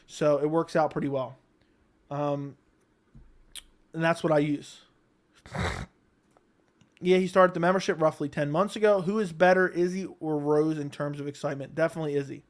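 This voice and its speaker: A young man from Baltimore hosting a live stream, answering chat questions in a relaxed, rambling way. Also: fairly high pitch, moderate pace, long pauses. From Baltimore, Maryland. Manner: relaxed, rambling, thinks aloud with many ums. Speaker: livestream host reading chat.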